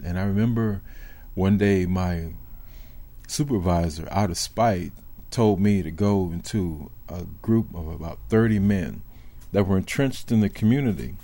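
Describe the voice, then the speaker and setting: Deep, mellow older man recounting his past. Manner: measured, deliberate, with reflective pauses. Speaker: former police officer telling his story. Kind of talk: personal storytelling in an interview.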